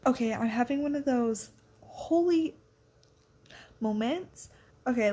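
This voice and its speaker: Teen girl vlogger, high bright voice, rambling excitable casual chat. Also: slow pace, pauses often. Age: teens. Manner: rambling, excitable, lots of filler words. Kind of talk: casual reading vlog chat.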